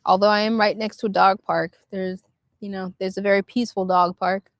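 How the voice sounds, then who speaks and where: A woman hosting a casual spiritual livestream outdoors, musing softly and guiding slow breathing. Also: mid-range voice, level tone, no echo, clean studio sound. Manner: meandering, soft and reflective, guides slow breathing. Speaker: livestream host. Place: outdoors near a park.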